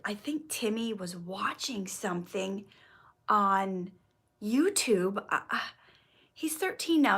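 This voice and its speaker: A woman in her thirties hosting a casual livestream, chatting warmly and encouragingly as she reads viewer comments aloud. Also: medium pitch, slightly rough.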